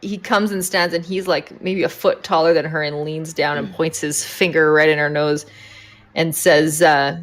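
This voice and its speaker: A woman's voice: sits low, fairly even intonation, moderate pace, a little hiss or hum. A woman narrating a tabletop game as game master, with lots of hesitant ums and uhs.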